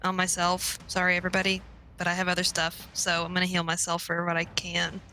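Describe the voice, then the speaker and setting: Bright-voiced woman thinking aloud. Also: fairly low pitch, completely flat delivery, fairly quick, soft background music. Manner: hesitant, thinking aloud with many ums. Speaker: player. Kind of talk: casual tabletop play.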